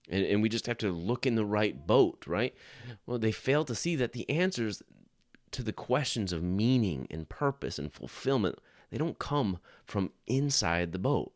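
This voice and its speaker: Animated and moderately paced, this low-leaning male voice comes from a middle-aged podcast host discussing Christian apologetics. He talks earnestly and conversationally, with frequent restarts, in a dry, studio-quality recording.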